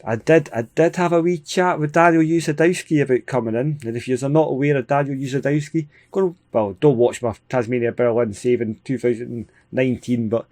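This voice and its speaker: A man's voice: mid-range voice, a little fast, few pauses. Chatty Scottish man commentating a game. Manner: chatty, excitable play-by-play with frequent chuckles. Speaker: gaming channel host. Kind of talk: casual let's-play commentary.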